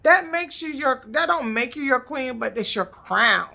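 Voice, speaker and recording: A woman recapping a reality show in a blunt, profane, animated casual rant. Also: high-pitched, measured pace, gravelly.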